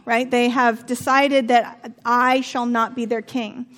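A woman's voice: a little high, little pitch movement, slow, fairly bright tone. A woman in her thirties teaching from the Bible in a chatty, humorous way, with personal asides.

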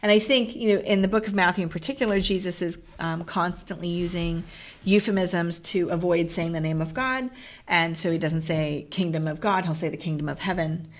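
A woman, a pastor co-hosting a podcast, asking curious questions and reading scripture in a relaxed conversational manner. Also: lowish voice, fairly quick. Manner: curious, asks follow-up questions, reads scripture aloud. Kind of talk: casual theological conversation.

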